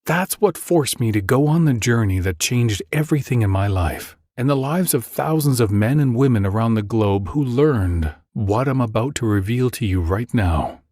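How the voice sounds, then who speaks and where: A husky-voiced man in his forties narrates a scripted advert as a dramatic personal confession. The sound is close and dry, with no room around it. His pitch sits in the middle range for a man. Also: expressive, moderate pace, few pauses, darkish tone, no room sound. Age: 40s.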